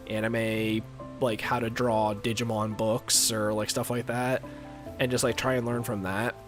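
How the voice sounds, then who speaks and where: A young man streaming a game, chatting casually with viewers in a rambling, filler-heavy way, his voice a little congested. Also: mid-range voice. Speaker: gaming streamer. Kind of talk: casual live-stream chat while playing.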